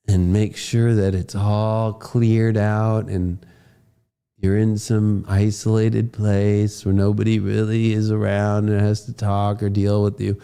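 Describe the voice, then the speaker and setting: A man giving a horoscope forecast as an astrologer, casual and profane, acting out voices he quotes and bursting into shouts. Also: lowish voice, clear, resonant tone.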